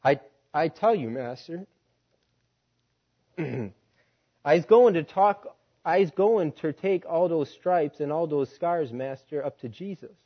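A man's voice: medium pitch, animated, slow pace, long pauses, husky, heavily acted. A man voicing a humble, devoted male field worker who preaches, speaking in an earnest, pleading folksy dialect, on a dull lo-fi recording.

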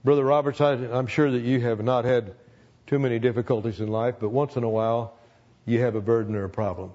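A man's voice: medium pitch, steady tone, brisk, darkish tone, lo-fi sound. A man in his seventies, a longtime pastor, telling a personal testimony with earnest emotion and repeating phrases for emphasis.

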